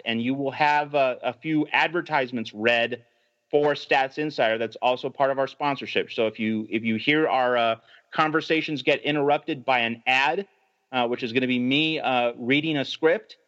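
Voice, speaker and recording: A man at a middle pitch lays out what's coming on a sports podcast, reading a rundown and stumbling into a few fillers along the way. The audio is a little dull and lo-fi. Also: a bit bright. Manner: reads a rundown with fillers and restarts. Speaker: podcast co-host. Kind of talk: scripted show rundown.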